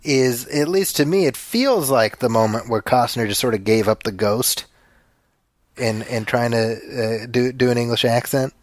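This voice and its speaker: A man talking through a movie commentary in an easy, joking way, often tripping over repeated words as he works out a thought. His voice sits at an ordinary pitch, and the recording is close and dry with no room around it. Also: normal speed, no echo. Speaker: podcast co-host. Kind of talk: casual film commentary chat.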